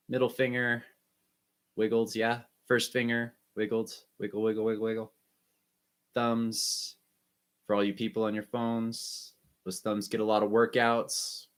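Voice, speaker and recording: A man teaching an online music lesson, guiding students through breathing and warm-up exercises with short, encouraging instructions. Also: medium pitch, flat delivery, measured pace, long pauses, clear, resonant tone.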